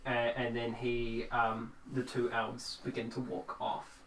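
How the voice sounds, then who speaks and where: A young man narrating a tabletop game as game master, in a casual, halting way. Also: mid-range voice, monotone, a bit bright. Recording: echoey room, mic far off.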